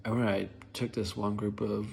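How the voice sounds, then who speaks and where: Rambling young man, fairly low voice. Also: little pitch movement, quick pace, vocal fry, darkish tone, husky. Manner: rambling, filler-heavy, lots of "like". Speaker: rideshare driver telling stories. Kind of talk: casual storytelling vlog.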